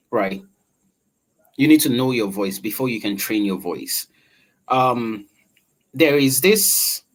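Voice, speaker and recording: A man, a voice-over artist, explaining voice training in an interview with a velvety, animated delivery and frequent questions to the listener. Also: medium pitch.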